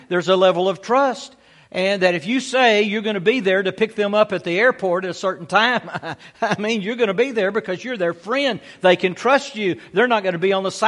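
A man's voice: sits high, fairly bright tone. A male pastor preaching a folksy sermon in a church, sprinkling his talk with amens and praise Gods. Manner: folksy, peppers speech with amen and praise God.

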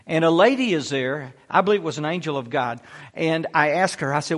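A middle-aged male pastor with a notably high voice delivers a sermon. He preaches emphatically and tells stories dramatically, stressing key words. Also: animated, brisk, a bit bright.

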